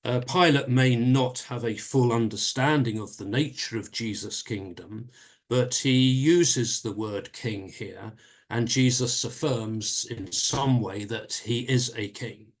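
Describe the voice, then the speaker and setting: A man leading a church Bible study, explaining a passage in a measured way with frequent pauses and restarts. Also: mid-range voice.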